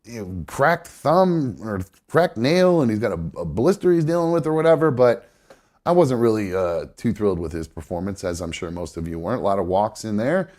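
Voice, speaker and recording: A man's voice: on the low side, lively intonation, normal speed, a little mellow. Stuffy-nosed man rambling about sports. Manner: rambling, many fillers and self-corrections. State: stuffed up nose. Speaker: host. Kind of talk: casual sports chat on a live show.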